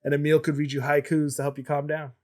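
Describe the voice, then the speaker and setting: Relaxed man chatting on a panel. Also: on the high side, quick pace, noisy background. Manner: relaxed, hesitant with ums. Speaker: podcast panelist. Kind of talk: casual chat.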